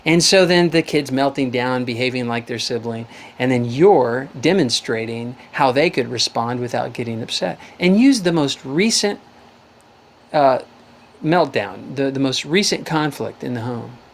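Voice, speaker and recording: A middle-aged man talks earnestly through a video call, rambling and restarting as he hosts a live advice show. His voice sits at an ordinary middle pitch. A faint hiss runs underneath. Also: expressive, measured pace.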